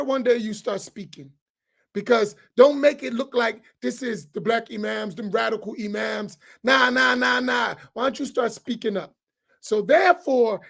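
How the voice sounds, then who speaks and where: A man, preaching to an audience on a roundtable. He is loud and challenging, and he repeats phrases for emphasis. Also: very high-pitched, vocal fry. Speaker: imam on a roundtable.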